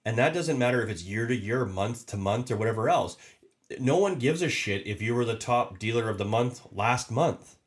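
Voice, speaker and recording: With lively intonation at a normal speed, a man of mid-range pitch hosts a podcast and motivates listeners casually. A sales leader by trade, he's emphatic, repetitive, and often begins his sentences again.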